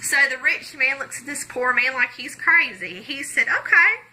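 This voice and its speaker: Woman presenter, folksy chatty storyteller, very bright tone, a bit high. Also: expressive, moderate pace, poor audio. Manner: folksy, chatty, many "okay"s. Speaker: gospel magic presenter. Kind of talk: storytelling tutorial.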